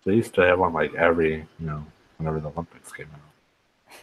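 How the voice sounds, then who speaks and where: A man's voice: a bass voice, steady tone, brisk, fairly bright tone, a little hiss or hum, poor audio. A man co-hosting a gaming podcast, chatting casually with playful quips. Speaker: podcast co-host. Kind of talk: casual chat.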